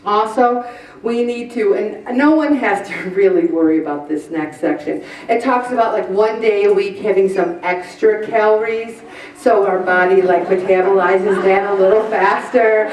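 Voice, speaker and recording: A woman leading a weight-loss group presentation, chatty and animated, acting out little voices. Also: mid-range voice, normal speed. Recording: roomy echo from far off the mic.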